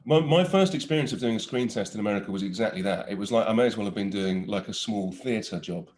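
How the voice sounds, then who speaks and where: A man in his forties, an actor telling stories in a casual interview, animated and laughing often with many restarts. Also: on the low side, quick pace. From Britain.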